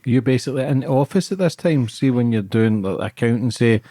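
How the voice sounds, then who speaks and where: A man's voice: mid-range voice, fairly quick, warm tone, dry recording, studio quality. A man hosting a podcast, putting short casual questions to his guest. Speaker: podcast host. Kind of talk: interview questions.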